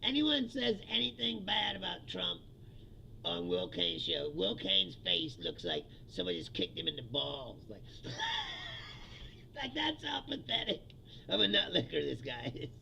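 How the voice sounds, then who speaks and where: A man delivers a crude, mocking comedic rant in a very high, bright voice full of gravelly fry. He swings his pitch all over and laughs at his own jokes. The recording sounds dull and lo-fi. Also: very animated, unhurried, a little hiss or hum. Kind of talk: profane comedic political rant.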